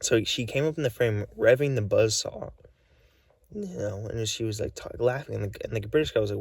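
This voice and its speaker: Male vlogger, weary and short of breath, low and gravelly, halting speech with many restarts. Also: expressive, no echo, far from the mic. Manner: halting, full of restarts and repeats. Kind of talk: rambling recorded monologue.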